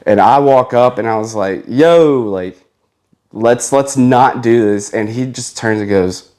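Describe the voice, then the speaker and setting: A man's voice: medium pitch, a little slow. Guy on a podcast telling a restaurant-style story, does the voices of people he quotes, laughs a lot. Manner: animated, acts out quoted dialogue, laughs often. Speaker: podcast guest, chef. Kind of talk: casual storytelling.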